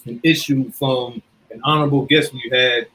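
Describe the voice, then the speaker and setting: A man's voice: medium pitch, fairly even intonation, moderate pace, pushed and bright, low-quality recording. A man co-hosting a talk show, speaking casually and easily, with frequent fillers. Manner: easygoing, filler-heavy. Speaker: podcast co-host. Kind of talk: casual chat.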